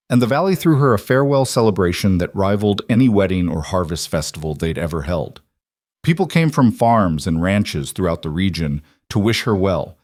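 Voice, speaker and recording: A man reading a frontier story aloud as a scripted audiobook narration, steady and measured. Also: low-pitched, no room sound, studio quality.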